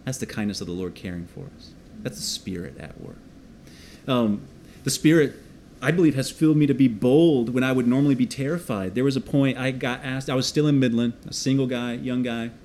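Pastor guy telling a story in a sermon, lively, acts out the voices, faint room noise. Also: mid-range voice, brisk. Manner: animated, self-deprecating, acts out dialogue.

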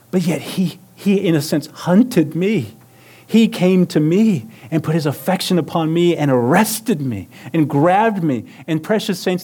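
A man preaching a sermon in church, asking rhetorical questions, calling for amens and swinging from hushed tones to raised, emphatic lines. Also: a little high, slightly rough. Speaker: pastor. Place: church sanctuary.

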